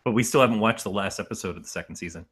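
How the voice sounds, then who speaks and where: A middle-aged man co-hosting a horror movie podcast in casual chat, animated and profane, rambling through his points. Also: lowish voice, very fast, breathy edge. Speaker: podcast co-host.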